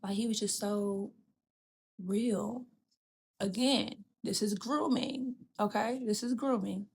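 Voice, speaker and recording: A woman's voice: medium pitch, takes it slowly, creaky, slight background noise. Frank, profane woman telling a story. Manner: frank and profane, addresses listener as "girl" and "bitch"; animated, acts out quoted people. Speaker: podcast host. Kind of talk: candid storytelling chat.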